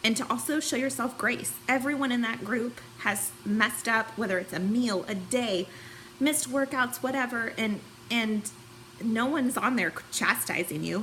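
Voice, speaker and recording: A woman's voice: on the high side, fairly bright tone, slight background noise, poor audio. A woman in her thirties giving a candid, chatty personal testimonial about a fitness challenge, at times tearful and emotional. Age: 30s. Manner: candid, chatty, many fillers.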